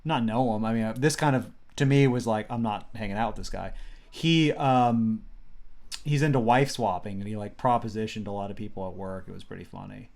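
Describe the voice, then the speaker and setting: A man's voice: lowish voice, a little fast, gravelly, a little mellow. A young man co-hosting a casual comedy podcast, rambling through stories with swearing, restarts and acted-out quotes. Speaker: podcast co-host.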